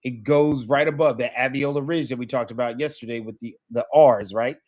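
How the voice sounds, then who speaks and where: A man's voice: mid-range voice, a little fast, a little mellow. A man teaching a live Spanish lesson, encouraging his student and checking in with frequent questions.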